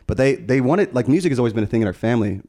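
Excitable laughing man telling stories. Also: mid-range voice, rapid-fire. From Las Vegas, USA. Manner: excitable, laughing storyteller, swears freely. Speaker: musician guest. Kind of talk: casual podcast chat.

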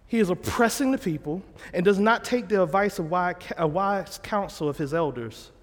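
A man's voice: high voice, animated, moderate pace, big-room sound. A man preaching a sermon, retelling scripture in a plain, conversational way and correcting himself as he goes. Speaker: pastor.

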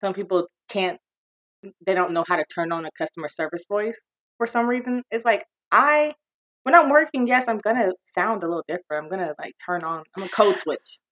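A woman's voice: medium pitch, brisk. A woman in her thirties, a podcast co-host, talking casually and animatedly about work and growing up. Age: 30s. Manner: chatty, animated, breaks into a bright phone voice. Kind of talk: casual chat. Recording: slightly dull lo-fi sound.

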